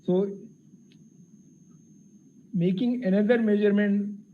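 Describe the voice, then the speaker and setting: A man giving a technical physics lecture, explaining carefully with frequent pauses and fillers. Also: sits high, fairly even intonation. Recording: tinny phone-like lecture audio with faint hiss.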